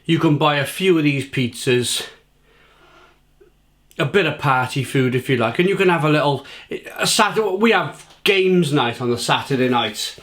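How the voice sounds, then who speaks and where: British man, casual food review, chatty and repetitive, slightly high voice. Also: expressive, moderate pace, a bit bright. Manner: chatty, repeats himself, talks while eating.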